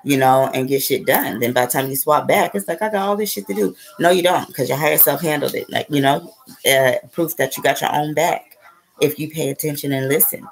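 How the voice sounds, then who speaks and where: A woman's voice: low voice, brisk, rough recording. A woman telling a story in a casual, rambling way. She swears freely and keeps checking in with "okay?" and "right?". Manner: rambling and profane, with frequent "okay?" and "right?" asides. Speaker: spiritual vlogger.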